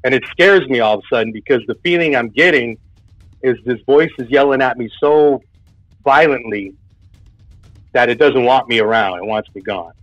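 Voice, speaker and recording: A man's voice: medium pitch, moderate pace, a bit bright, no room sound. A man telling a personal spooky story in a casual, rambling way, full of filler words. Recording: dull lo-fi sound with faint music.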